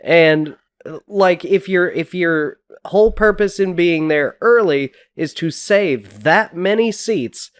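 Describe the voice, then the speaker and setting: A man with a slightly higher voice who talks slowly and agrees readily, with frequent laughter. The recording is dry and close. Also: clean tone, no echo. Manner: agreeable, laughs often, short replies. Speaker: podcast co-host. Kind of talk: casual chat.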